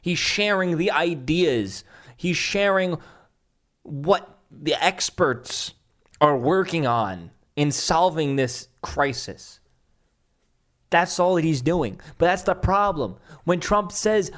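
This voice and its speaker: Guy ranting on his own show, mocking and sarcastic, kinda high voice. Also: animated, slow, fairly bright tone. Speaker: political commentator. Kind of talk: casual ranting commentary.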